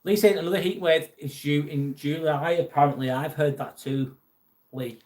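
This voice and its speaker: A man's voice: a little high, steady tone, normal speed, a little mellow. A man hosting a live vlog, casually reading out viewer comments and answering them. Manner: chatty, reads comments aloud and answers viewers. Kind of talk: casual live-stream chat.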